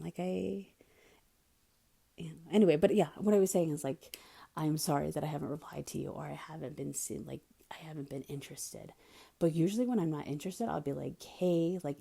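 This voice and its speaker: This is a young woman hosting a casual podcast. Her voice is low, husky and gravelly, with a mellow tone. She talks candidly and bluntly, and sometimes sinks into a whisper. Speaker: podcast host. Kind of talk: casual monologue.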